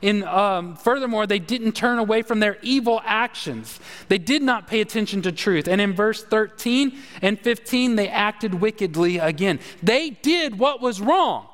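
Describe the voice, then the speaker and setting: A man's voice: high voice, animated, normal speed, few pauses, fairly bright tone, in a large hall. A man preaching a sermon with emphasis, asking his congregation questions. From Texas. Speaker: pastor.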